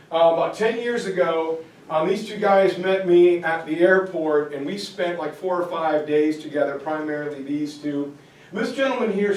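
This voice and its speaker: A man giving a history lecture to parents, telling stories in a casual, lively way. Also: fairly high pitch. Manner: casual, animated storytelling. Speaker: high school teacher giving a parent lecture. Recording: echoey room, distant mic, faint noise.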